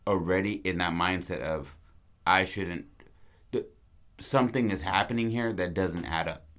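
A man with a deep, low voice talks through film ideas in a loose, casual chat. He gets animated as he plans scenes, and he acts out the characters' lines in quick bursts. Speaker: co-writer planning a film.

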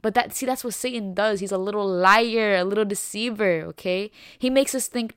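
A woman's voice: medium pitch, moderate pace, few pauses, clean tone, dry recording, studio quality. A young woman hosting a faith podcast, preaching with passion and emphasis, repeating herself and dropping casual words like y'all and bro. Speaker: podcast host.

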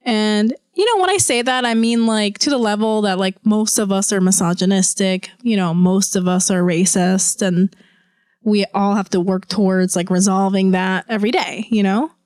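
A woman's voice: mid-range voice, normal speed, darkish tone, dry recording, studio quality. A woman co-hosting a podcast in casual chat, rambling with lots of "like" and "you know" and swearing freely. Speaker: podcast co-host.

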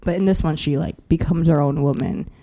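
Woman podcast co-host, lower-pitched, profane and animated storyteller, casual chat. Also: fairly quick. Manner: slangy, profane, laughing storyteller.

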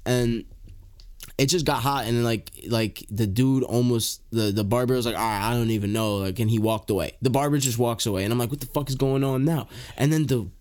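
A young man telling a story in loose, animated slang. He swears freely and leans on "like" and "bro" as he goes. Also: medium pitch, fairly quick. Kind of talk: casual storytelling.

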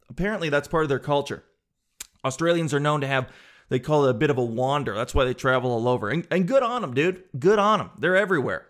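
A man's voice: on the high side, quick pace, fairly bright tone. A man doing a casual comic monologue in a rambling, joking, self-mocking way.

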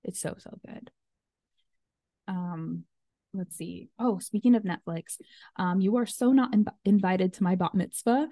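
A woman in her thirties chats on her podcast, with plenty of "um" and "like" as she goes. Her voice is mellow and dark, and the recording is dry with no room sound. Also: mid-range voice, measured pace, no room sound. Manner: chatty, full of fillers and "like". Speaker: podcast host. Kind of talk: casual chat.

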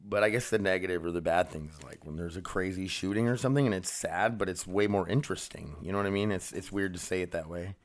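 A man's voice: sits low, fast, few pauses. A man hosting a solo podcast from home, rambling and easily sidetracked, frustrated with himself and swearing casually. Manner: frustrated, self-deprecating. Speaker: podcast host. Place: home studio room.

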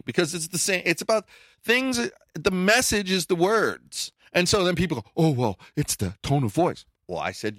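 A middle-aged man co-hosting a podcast in casual chat, blunt and emphatic, his pitch jumping when he presses a point. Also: sharp tone, no room sound, studio quality. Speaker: podcast co-host.

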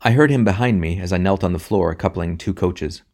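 A man reading a short story aloud in a measured, reflective way. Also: low-pitched, darkish tone. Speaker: narrator. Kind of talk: audiobook reading.

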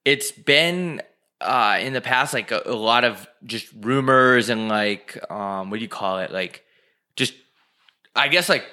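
Blunt young man with a bright voice. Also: medium pitch, a little slow. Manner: blunt, offhand, swearing. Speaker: podcast co-host. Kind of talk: casual chat.

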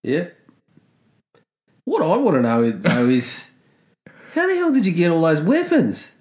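A man's voice: a little high, wildly swooping pitch, a little slow, darkish tone. A man ranting sarcastically about a film in casual chat, laughing as he talks. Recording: echoey room.

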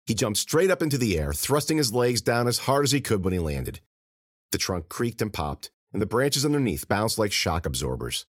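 Male author-narrator, low and animated, dry studio sound. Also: moderate pace, dry recording. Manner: expressive, animated reading. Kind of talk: scripted audiobook narration.

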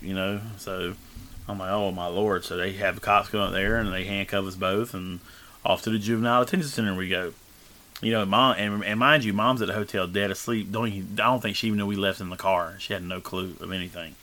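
Guest storyteller, male, rambling and casual, bright tone. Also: deep voice, steady tone, fairly quick. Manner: rambling, full of fillers and restarts. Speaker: guest telling his life story.

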